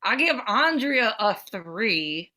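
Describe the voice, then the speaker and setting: A woman in her thirties co-hosting a podcast, chatting casually and animatedly, swearing and swinging her pitch. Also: slow pace. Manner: animated, swearing, jumps between pitch levels. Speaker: podcast co-host. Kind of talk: casual chat.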